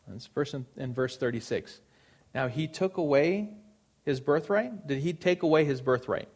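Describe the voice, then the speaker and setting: A man's voice: fairly high pitch, animated, moderate pace, darkish tone, slightly rough. A man preaching a sermon, earnest and emphatic, repeating phrases for stress.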